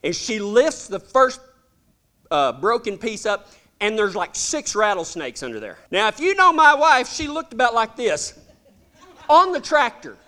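A man's voice: high-pitched, sing-song, measured pace, sharp tone. A middle-aged man preaching a sermon, telling folksy, joking stories with lots of animation. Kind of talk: storytelling sermon to a live congregation.

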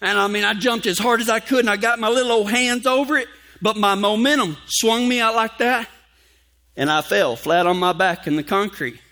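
A pastor tells a folksy story from the pulpit. His voice sits high and sounds bright and forceful, and he softens to a hush when he reads scripture. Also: normal speed. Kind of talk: sermon with personal story.

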